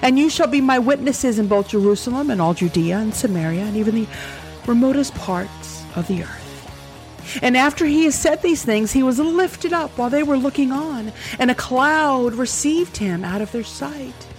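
A woman hosts a commentary video, reading scripture in a fairly high voice and cutting in with sarcastic, exclamatory remarks. faint music sits quietly under her. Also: animated, normal speed.

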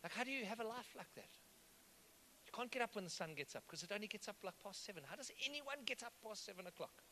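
A man's voice: high voice, lively intonation, fast talker, pushed and bright, a little hiss or hum. A man preaching a sermon, conversational and often asking the congregation whether they follow. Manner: conversational, asks the congregation questions. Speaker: pastor.

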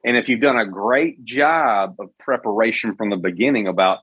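This is a low, husky man's voice heard over a video call microphone. The sound is dry and close, with no room in it. He explains ideas in a coaching way and poses rhetorical questions as he talks. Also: normal speed, few pauses, a bit bright, no echo, lo-fi sound. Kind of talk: casual podcast chat.

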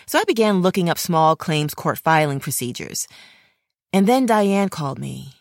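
A woman's voice: deep voice, sing-song, normal speed, creaky, no room sound, clean studio sound. A woman, an actor and podcast host, telling a personal story in earnest, indignant first-person narration and speaking straight to fellow actors. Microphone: close studio mic.

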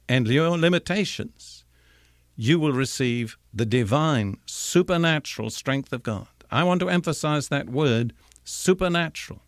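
An older man teaching from the Bible in a measured, emphatic sermon, slowing down to stress key words. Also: fairly high pitch, no room sound, studio quality. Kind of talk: recorded radio sermon.

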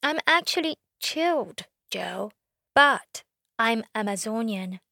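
A young woman from Brazil telling a comic story on stage. Her voice sits fairly high, and her delivery is brash, sardonic and full of swearing. The recording is dry and close. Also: expressive, slow pace, creaky, bright, forceful tone, no echo. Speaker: comedian.

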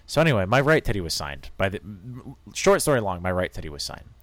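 Man, low voice, very lively pitch, jokey animated storytelling, dry close sound. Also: fast, no room sound. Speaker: podcast co-host. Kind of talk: casual storytelling chat.

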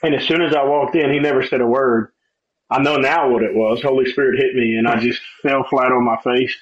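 A middle-aged man tells his story in a relaxed, talkative way, slipping into other people's voices as he quotes them and laughing along. His voice sits at an ordinary middle pitch. The recording sounds a little dull and lo-fi. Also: a little fast. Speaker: guest sharing testimony. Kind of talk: conversational testimony.

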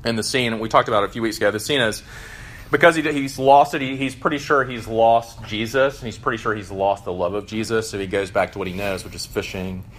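Earnest lower-voiced man preaching. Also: fairly even intonation, a little fast, a bit bright. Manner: earnest, conversational with frequent fillers. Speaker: pastor. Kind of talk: sermon with scripture reading.

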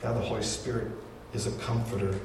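A male pastor giving a sermon, telling stories from his childhood and rising to high, emphatic peaks. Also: little pitch movement, a little fast, distant mic, background noise. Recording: very echoey room, voice from afar.

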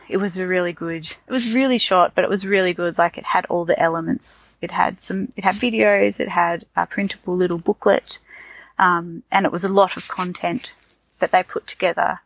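A woman's voice: fairly low pitch, moderate pace, no echo, poor audio. A woman from Tasmania with an Australian accent, chatting casually as a podcast co-host, rambling with fillers and restarts. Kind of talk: casual chat.

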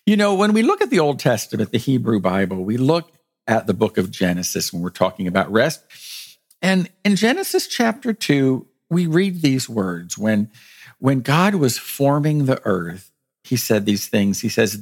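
A middle-aged man, a pastor delivering a podcast sermon in a gentle storytelling manner. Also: normal speed. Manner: gentle storytelling with lively rises in pitch.

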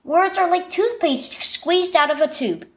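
A woman as a gentle storybook mom. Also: very high voice, measured pace, pitched above the performer's own voice. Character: calm, gentle mother.

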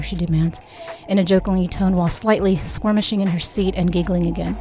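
A woman reads her own novel aloud in a mellow, warm voice. She voices each character close to her natural voice, lifting slightly for the dialogue, with soft music playing underneath. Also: fairly low pitch, steady tone, a little fast, hardly any pauses. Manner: reads every character in a near-natural voice with small lifts for dialogue. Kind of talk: audiobook read-aloud narration.

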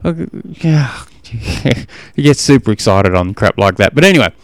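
A middle-aged Australian man hosts his podcast in easygoing chat, rambling and correcting himself as he goes. His voice is smooth and clean, recorded close and dry with no room sound. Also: mid-range voice, animated, normal speed, no room sound. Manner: rambling storytelling with self-corrections and laughs. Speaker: podcast host and coach. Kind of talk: casual chat.

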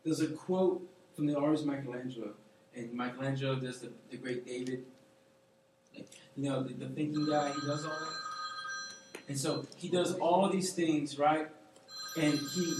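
A man preaching a casual sermon, telling stories and quoting figures in a relaxed, slangy, conversational way. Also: on the high side. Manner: animated, conversational, slangy storytelling with quoted voices. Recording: echoey room from far off, faint noise.

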